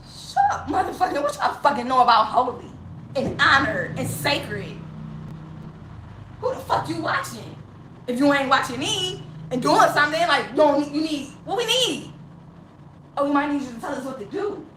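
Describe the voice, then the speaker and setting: Woman vlogger, high bright voice, raw profane rant, bitter laughs, roomy echo. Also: big pitch swings, moderate pace, slight background noise. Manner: heavily profane, impassioned, laughs bitterly between lines. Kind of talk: unscripted emotional rant to camera. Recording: roomy echo with faint ambience.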